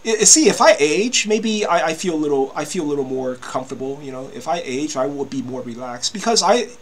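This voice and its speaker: A man in his fifties delivers an agitated monologue to camera in a high, swooping voice. He stumbles over restarts, leans on "you know" and curses casually. His pitch leaps up and down as he complains. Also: animated, a little fast. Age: 50s. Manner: swears freely. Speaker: vlogger.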